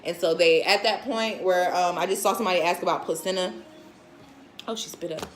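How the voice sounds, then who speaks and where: A woman in her twenties casually telling viewers a story, frank and animated, often laughing and acting out what other people said. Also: lowish voice, fairly quick. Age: 20s. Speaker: vlogger and new mother.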